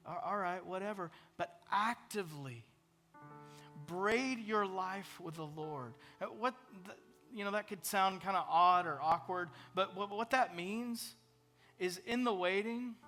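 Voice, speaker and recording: Male pastor, high bright voice, earnest conversational sermon, faint music bed. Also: a little slow. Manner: earnest, conversational preaching with prayerful asides.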